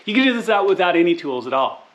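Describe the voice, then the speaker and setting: A man's voice: sits high, sing-song, fast talker, lo-fi sound. A man talks viewers through an easy car install. He sounds upbeat and friendly, saying "y'all" as he goes. He is recording from the back seat of a car. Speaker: car DIY video host. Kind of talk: casual how-to walkthrough. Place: inside a car's back seat.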